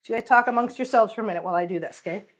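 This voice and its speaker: A woman's voice: medium pitch, very fast, dull audio. A middle-aged woman chatting casually to her cats and her livestream viewers while she cleans, a bit out of breath. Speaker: cat channel vlogger.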